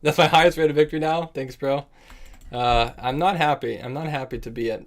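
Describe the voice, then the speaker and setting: This chess streamer, a young man, gives live commentary on his own online games, talking through his thoughts and berating himself in slangy terms. His voice is a little high and his pace brisk.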